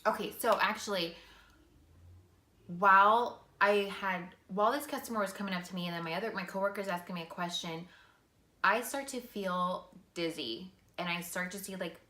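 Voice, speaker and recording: A woman's voice: medium pitch, normal speed, pushed and bright, roomy sound. A woman vlogger telling a personal story in a casual, earnest way, full of "like" and "you know". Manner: casual, filler-heavy, earnest.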